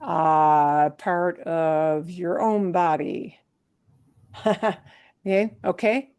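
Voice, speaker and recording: A woman's voice: lowish voice, steady tone, drawn-out words, a little mellow, clean tone. A woman Spanish teacher explaining grammar to her class patiently, step by step, with everyday examples.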